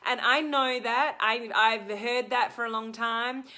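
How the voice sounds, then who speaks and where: Chatty middle-aged Australian woman, bright tone, live-stream coach answering viewers. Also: on the high side, steady tone, a little slow. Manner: chatty, answers viewer comments, frequent ums. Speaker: social media coach.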